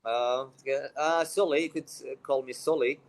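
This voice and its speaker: A man's voice: mid-range voice, steady tone, normal speed, rough recording. A man, an Arabic speaker, hosting a live-streamed English lesson and mixing Arabic with English in an upbeat way. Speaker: English teacher and stream host.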